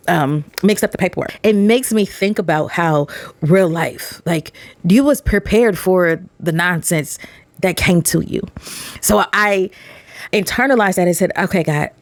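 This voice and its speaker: A woman hosting a faith-based motivational talk, animated and preachy. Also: dry recording. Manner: animated, preachy, acts out voices with pitch jumps. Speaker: podcast host and motivational speaker.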